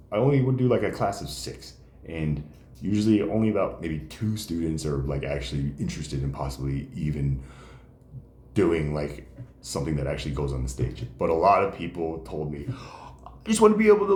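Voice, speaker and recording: A man who does stand-up comedy, telling stories in a casual, rambling way with many fillers. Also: on the low side. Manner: animated, rambling, frequent fillers. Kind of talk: casual storytelling chat. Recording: roomy echo.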